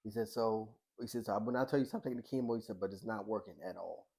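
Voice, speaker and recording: A middle-aged man, a boxing coach and social worker, tells a personal story in a podcast interview. He speaks colloquially and earnestly, often acts out past conversations as quoted dialogue, restarts his sentences and drops to a hushed voice. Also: lowish voice. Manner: halting with restarts, softening to a hushed voice.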